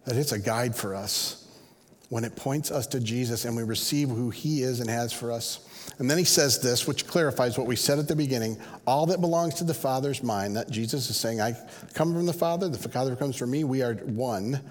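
Middle-aged male pastor, earnest and conversational, mid-pitched, preaching in a reverberant church hall. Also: a little fast. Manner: conversational, earnest, acts out quoted voices. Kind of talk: sermon.

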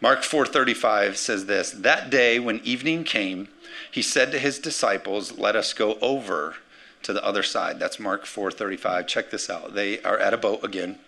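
A man preaching a sermon as pastor, energetic, calling for amens and acting out the words of scripture figures. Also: on the low side, normal speed, gravelly. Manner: energetic, calls for amens, acts out quotes.

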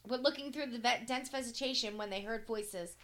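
A woman's voice: a little high, fairly quick, fairly bright tone. Casual woman reading news aloud. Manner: reads aloud with stumbles, swears casually. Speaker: podcast co-host.

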